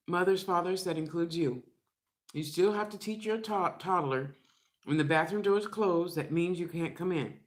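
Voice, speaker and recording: An older woman chatting frankly into her vlog while she eats, laughing often. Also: deep voice. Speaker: vlogger. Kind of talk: casual chat while eating.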